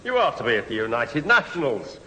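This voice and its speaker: A neighbour who mangles big words. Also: male voice, medium pitch, very animated, brisk, sharp tone, a little hiss or hum. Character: affable neighbour given to malapropisms. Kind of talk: 1970s radio comedy acting. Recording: old radio recording, hall reverb.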